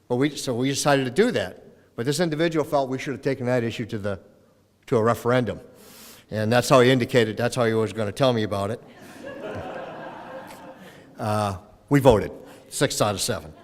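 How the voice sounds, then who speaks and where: A middle-aged man from Minnesota giving a farewell speech as retiring mayor, telling folksy stories and acting out the voices in them. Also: mid-range voice. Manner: folksy storytelling, acts out voices in anecdotes. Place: council chamber in city hall. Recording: long reverb of a council chamber.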